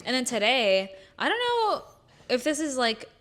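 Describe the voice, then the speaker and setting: A young woman co-hosting a podcast, telling stories in a casual, animated way and acting out what people said. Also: sits high, unhurried. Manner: animated storytelling, acts out quotes, laughs often. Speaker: podcast co-host. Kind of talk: casual chat.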